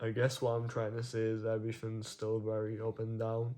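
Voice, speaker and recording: A man talking haltingly in a personal video diary from his own room, often searching for words. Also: on the low side, monotone, mellow. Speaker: vlogger.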